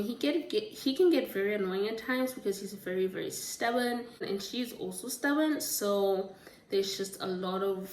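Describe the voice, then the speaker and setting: A woman vlogging casual book reviews in a chatty, rambling way, often stopping to correct herself. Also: mid-range voice. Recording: roomy, distant from the mic.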